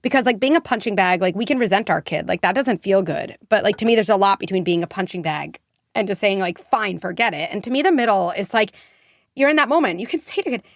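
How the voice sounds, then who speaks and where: Brief: middle-aged woman, psychologist guest on a podcast, emotional storyteller with many fillers, mid pitch, dry close mic. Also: expressive, fairly quick, a bit bright, no echo. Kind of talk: podcast interview.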